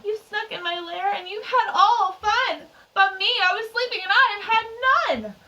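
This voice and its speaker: A woman voicing a big sulking bear who complains in a high, whiny voice in a storybook reading. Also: moderate pace, bright, forceful tone, lo-fi sound, a little hiss or hum. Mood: whining. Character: big sulking bear, grumpy then tearful. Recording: distant mic.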